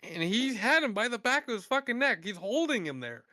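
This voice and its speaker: A man telling profane stories in a casual podcast chat, animated and blunt. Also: very high voice, brisk, no room sound. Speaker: podcast host.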